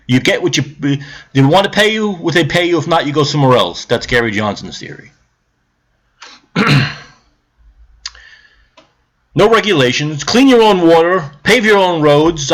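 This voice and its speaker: High, animated, profane male ranter. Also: moderate pace, pauses often. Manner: shouting, profane, lecturing the viewer; calmer, grumbling explanation later on. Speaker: political vlogger. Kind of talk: angry political rant to camera.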